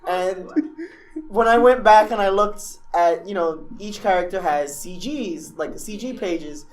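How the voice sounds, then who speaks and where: A man on a podcast who chats casually, jokes and laughs a lot, and reacts quickly. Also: high voice, soft background music. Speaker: podcast co-host. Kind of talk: casual chat.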